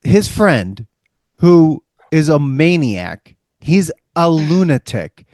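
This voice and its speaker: A man, co-hosting a podcast and retelling film scenes in an animated way. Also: on the high side, takes it slowly, dry recording, clean studio sound. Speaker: podcast co-host. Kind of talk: casual chat.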